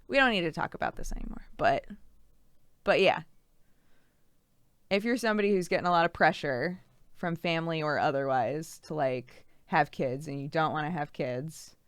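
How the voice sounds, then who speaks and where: A woman's voice: low voice, clear, resonant tone, dry recording, clean studio sound. A woman streamer chatting casually with her viewers, laughing often, swearing freely and thanking subscribers. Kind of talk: casual live-stream chat, reading sub thank-yous.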